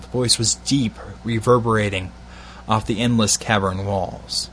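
A man with a Glaswegian accent slowly reading an erotic bedtime story in a measured, intimate way. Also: fairly low pitch, fairly even intonation, slight background noise. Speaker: narrator.

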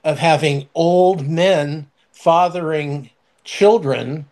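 A man co-hosting a casual political chat, speaking haltingly with many restarts and a sardonic edge. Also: fairly high pitch, a little mellow.

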